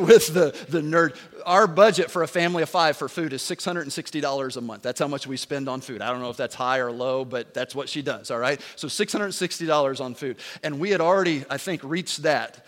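A man in his forties, a pastor giving a sermon as an animated, joking storyteller. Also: a little high. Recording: long hall reverb.

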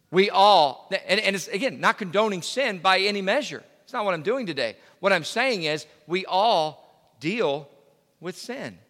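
A man's voice: sits high, bright, forceful tone, in a large hall. A male pastor preaching a sermon in a conversational way, full of fillers and restarts. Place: church sanctuary.

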